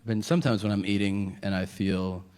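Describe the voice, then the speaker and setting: A man doing stand-up comedy on a stage with a handheld mic, telling a story deadpan and adding wry, self-mocking asides. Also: fairly low pitch, fairly quick. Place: comedy stage before a live audience. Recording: long hall reverb with clear room ambience.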